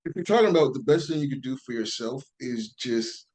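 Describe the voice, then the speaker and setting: Male guest, lively conversational storyteller, plays quoted voices, average pitch. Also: a little fast, poor audio. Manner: animated storyteller who acts out quoted voices. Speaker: podcast guest.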